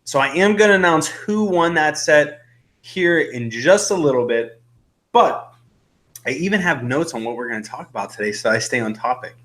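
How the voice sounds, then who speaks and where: A man's voice: on the high side, lively intonation, moderate pace, fairly bright tone. A young man hosting a casual live-stream chat, rambling and laughing nervously, a little out of breath. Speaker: host.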